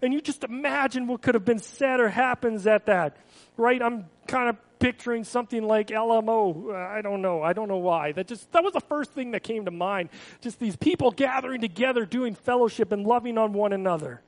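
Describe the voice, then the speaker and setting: A man's voice: high voice, fairly quick, rough recording. A male pastor giving a conversational sermon, casual and repeating words, often asking the congregation questions.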